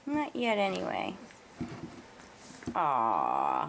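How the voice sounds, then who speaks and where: A woman's voice: high-pitched, big pitch swings, measured pace, gravelly, long pauses, slight background noise. A woman filming her puppies at their pen indoors and talking to them in a cooing, baby-talk way. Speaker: puppy owner filming her litter. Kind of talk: casual talk to pets.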